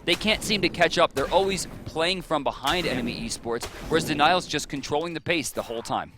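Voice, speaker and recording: A man casting a live esports match, giving quick play-by-play and analysis that gets excited on big plays. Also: on the high side, noisy background. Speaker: esports caster.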